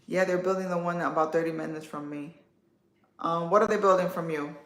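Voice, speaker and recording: A woman in her thirties hosting a casual livestream, chatting warmly and answering viewer comments. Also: on the low side, steady tone, brisk. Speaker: livestream host. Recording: echoey room.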